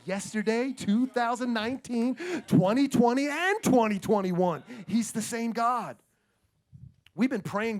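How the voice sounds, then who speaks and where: A male pastor preaching a sermon with energetic emphasis, repeating phrases and calling out to the congregation. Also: high-pitched, a little slow.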